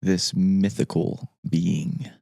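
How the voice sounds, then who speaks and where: A man's voice: deep voice, drawn-out words, vocal fry, dry recording, clean studio sound. A man co-hosting a podcast, chatting casually and chiming in with short remarks. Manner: animated, chimes in with short remarks. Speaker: podcast co-host. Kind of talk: casual chat.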